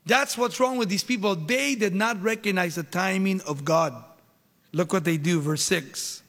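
A man's voice: sits high, normal speed, fairly bright tone. A male pastor preaching a sermon, emphatic, with rhetorical questions and dramatic retelling, in a church hall.

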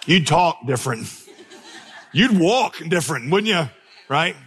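On a church stage before a congregation, a pastor preaches a sermon in a slightly rough voice a touch higher than most men's, speaking a little slowly. He hammers points home with emphatic repetition and tells vivid, humorous stories. The sound trails off in the long reverb of a large hall.

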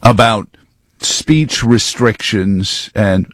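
A man's voice: medium pitch, animated, slow pace, dry recording. A man giving rambling, sarcastic political commentary full of wordplay.

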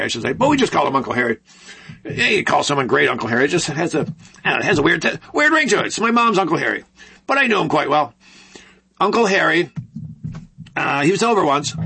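A man's voice: a little high, gravelly, bright, forceful tone, breathy edge. A middle-aged man hosting a casual storytelling monologue, rambling in a conversational way and acting out quoted people in voices. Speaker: talk show host.

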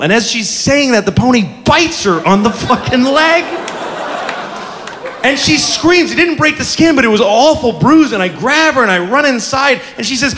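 Male comedian, stand-up, high voice, animated, profane, live audience laughter, noisy room. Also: a crowd in the background. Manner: animated and profane, with quick shouts.

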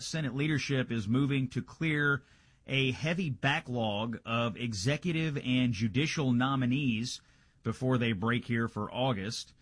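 A man's voice: mid-range voice, a bit bright, slightly rough, no room sound. A male radio host giving a conversational political news rundown, checking the Senate floor live, with frequent filler "uh"s.

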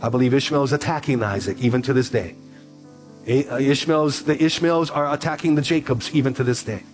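Male pastor, middle-aged, animated sermon delivery with repeated phrases, light music bed. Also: medium pitch, brisk.

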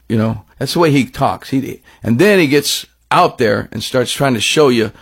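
A man hosting a radio countdown show, telling a loose, rambling story with many restarts in a husky voice. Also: mid-range voice, normal speed, hardly any pauses. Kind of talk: casual radio show talk.

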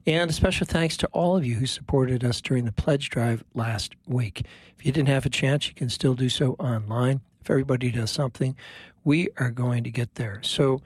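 A male priest hosts a radio prayer show in a calm, unhurried way. His voice is a little husky, and it is recorded dry and close with no room sound. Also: medium pitch, no echo.

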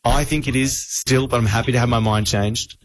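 A young adult man, co-hosting a radio show and telling a story in a casual, animated way, arguing his side firmly. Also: mid-range voice, brisk, dry recording. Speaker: radio co-host. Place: radio studio. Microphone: studio microphone.

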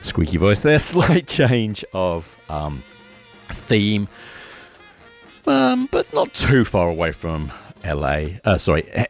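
Lively sing-song radio host. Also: male voice, deep voice, takes it slowly, creaky, pauses often, soft background music. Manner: chatty and rambling, self-correcting, lively sing-song delivery. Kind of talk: live radio announcements and shout-outs.

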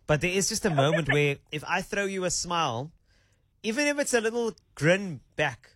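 Man, South African accent, radio host, lively and bouncy, slightly higher voice, dry studio sound. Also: moderate pace, dry recording. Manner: animated, chatty and playful. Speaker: radio talk show host. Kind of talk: casual radio chat.

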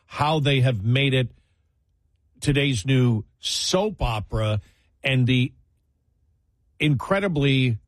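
A man's voice: medium pitch, slow, pauses often, dry recording. A man hosting late-night talk radio in a casual, rambling way, with restarts and chuckling asides. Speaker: radio talk show host.

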